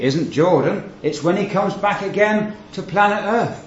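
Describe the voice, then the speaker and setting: A man's voice: sits high, unhurried, few pauses, slight background noise. Earnest man preaching in a roomy hall. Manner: earnest Bible teaching with rhetorical questions, rising emphasis on key phrases. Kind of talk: sermon. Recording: muffled roomy recording.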